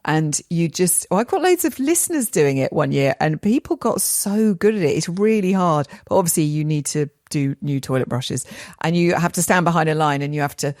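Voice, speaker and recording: Middle-aged woman, deep speaking voice, casual rambling podcast chat, dry close mic. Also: lively intonation, darkish tone, dry recording. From England. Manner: chatty, rambling storytelling with quick asides. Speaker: podcast co-host.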